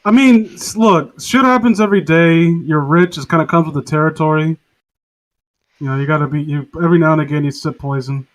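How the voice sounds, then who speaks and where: A man's voice: a little high, a little fast. A man co-hosting a podcast, rambling and swearing through casual comedic chat. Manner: rambling, swearing, laughing often. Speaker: podcast co-host.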